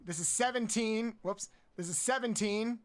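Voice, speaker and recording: A man streaming a game, counting aloud, swearing often and yelping high when frustrated. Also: moderate pace. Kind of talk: casual live-stream chat while playing.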